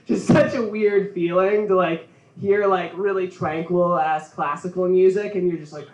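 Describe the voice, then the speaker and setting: A man's voice: high-pitched, steady tone, unhurried. A man doing a stand-up set at a comedy venue, rambling and laughing at his own jokes. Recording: roomy, from far off.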